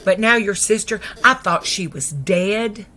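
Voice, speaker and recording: A woman's voice: medium pitch, expressive, a little slow, bright, forceful tone. A woman preacher voicing a loving, forgiving middle-aged mother who scolds her daughter firmly but tenderly.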